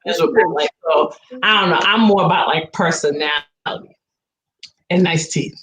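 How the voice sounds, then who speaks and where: A woman's voice: lowish voice, normal speed, a bit bright, echoey room, rough recording. A woman in casual chat, rambling with frequent restarts and acting out what others said.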